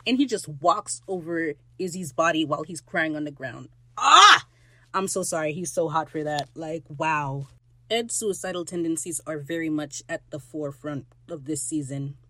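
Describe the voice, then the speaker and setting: Excitable podcast host gushing, dry close sound. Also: no room sound. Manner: excitable, gushing, swears freely, quick shifts between loud squeals and low asides. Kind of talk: solo episode recap, casual rant.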